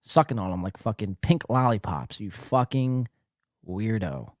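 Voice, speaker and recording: A man's voice: fairly low pitch, very animated, measured pace, no echo, studio quality. A man hosting a podcast, giving crude, mocking, profane commentary. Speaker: podcast host.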